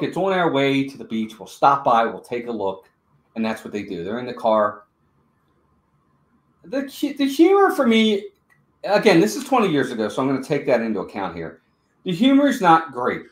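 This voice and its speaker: A man's voice: mid-range voice, roomy sound. A man co-hosting a live-streamed movie review, chatting and greeting viewers in the chat. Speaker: podcast co-host.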